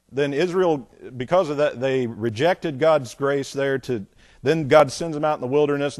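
Animated male Bible teacher on tangents. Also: medium pitch. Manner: animated, digressive, asks the audience questions. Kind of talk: sermon-style Bible teaching.

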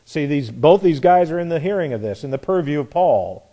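एक आदमी का प्रवचन, बाइबिल पढ़ते और समझाते हुए, थोड़ी ऊँची, नरम आवाज़।. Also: male voice, fairly high pitch, animated, brisk, warm tone. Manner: conversational, reads scripture then comments. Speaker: preacher. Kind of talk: expository sermon.

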